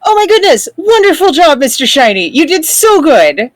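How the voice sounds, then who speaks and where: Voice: mid-range voice, sing-song, a little fast, dry recording, voice pushed up, lightly acted. A player voicing a cheerful, doting female kobold druid who gushes and fusses sweetly. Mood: gushing. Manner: gushing, fussing sweetly.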